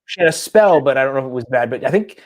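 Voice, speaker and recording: A man in casual podcast chat, his voice sitting at an ordinary middle pitch. He rambles from one story to the next, chasing tangents. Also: lively intonation, very fast. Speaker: podcast co-host.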